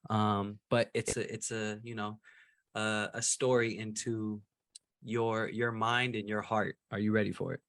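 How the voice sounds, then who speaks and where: A man hosting a podcast, asking relaxed, chatty questions full of fillers over a video call. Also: lowish voice, measured pace. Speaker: podcast host.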